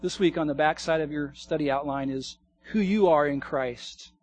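A man preaching a sermon as pastor, earnest, swinging from hushed asides to emphatic declarations. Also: on the high side, normal speed, a little hiss or hum.

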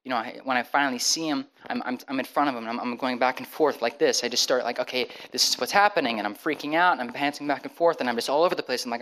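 A young man sharing a personal testimony, storytelling with lively acted-out dialogue and frequent quick restarts. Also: mid-range voice, poor audio. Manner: animated, acts out the dialogue with many quick restarts.

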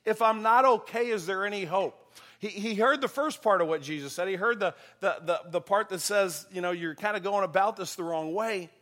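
A man's voice: high voice, fairly quick, a bit bright. Man preaching a conversational sermon. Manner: conversational preaching with anecdotes, rising to emphatic passages. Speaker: pastor.

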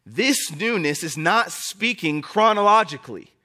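A young male pastor preaches with a bright, forceful voice that sits a little high for a man. He hammers the same key phrases again and again and rises into impassioned preaching. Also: lively intonation, unhurried. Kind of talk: sermon.

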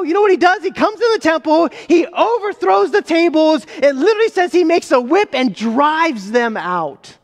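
A man's voice: very high voice, sing-song. Male pastor, sermon, emphatic and rhetorical, long hall reverb. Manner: emphatic, rhetorical questions, slows for key phrases.

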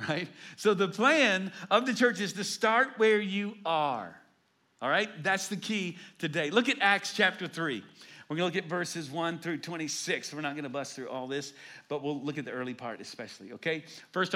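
Forceful pastor preaching. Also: male voice, high voice. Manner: animated storyteller, swings between loud emphasis and hushed asides. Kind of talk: sermon.

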